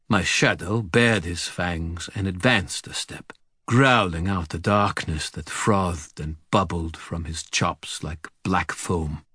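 A man reading a first-person story in a measured, unhurried way. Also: sits low, fairly bright tone, breathy edge, no echo, clean studio sound. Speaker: audiobook narrator.

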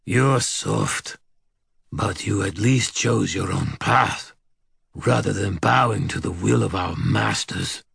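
Storybook villain: a man playing a contemptuous male dog-spirit, deep and slow with menace. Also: gravelly, a bit bright, slightly rough, no room sound, clean studio sound, full character voice. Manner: slow, snarling, archaic menace.

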